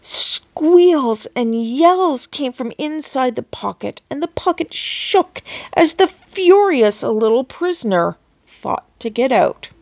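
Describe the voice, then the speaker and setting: Expressive woman reading a storybook. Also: high-pitched, takes it slowly, vocal fry, dry recording. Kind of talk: reading a children's novel aloud.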